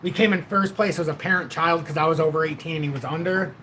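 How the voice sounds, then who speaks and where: A man's voice: on the high side, fairly even intonation, fast talker, a bit bright, a little hiss or hum. Blunt, rambling man in his forties. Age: 40s. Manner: rambling, blunt, swears freely. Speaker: livestream host. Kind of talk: casual livestream chat.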